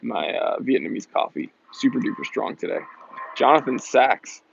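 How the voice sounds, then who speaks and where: A man's voice: mid-range voice, sing-song, moderate pace, gravelly, a little hiss or hum. An American man hosting a casual live stream, chatty and upbeat, reading viewer comments aloud and laughing often, with slightly dull lo-fi stream audio.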